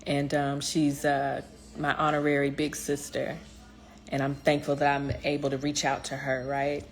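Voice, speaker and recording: Earnest low-voiced woman vlogging. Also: completely flat delivery, normal speed. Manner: earnest, heartfelt, many fillers and restarts; speaks directly to viewers, encouraging. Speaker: motivational speaker. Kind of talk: personal motivational vlog talk.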